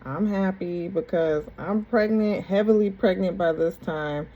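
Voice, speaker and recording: Low husky woman telling her story. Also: a little slow, muffled recording. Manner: rambling, repeats herself, frequent restarts and ums. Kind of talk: casual personal storytelling to camera.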